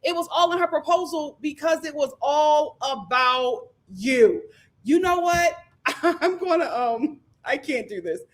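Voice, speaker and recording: A woman in the middle of a casual live-stream review, ranting in disbelief and laughing as she goes. Her voice sits high and swings widely in pitch. She takes her time and draws out her words. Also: a little slow. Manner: exasperated, animated ranting with laughter. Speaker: reality TV reviewer.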